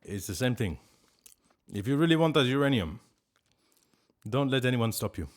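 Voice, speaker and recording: A man's voice: medium pitch, lively intonation, normal speed. A man, chatting casually on a live stream, reading chat and making playful, mock-grand pronouncements.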